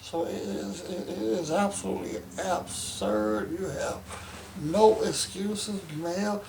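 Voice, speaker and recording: A man's voice: high-pitched, fairly even intonation, slow, gravelly, a little mellow, roomy sound, a little hiss or hum, rough recording. A man at home, making an emphatic complaint in formal, wordy phrasing with many stammered restarts. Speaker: interviewee describing his care. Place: home bedroom.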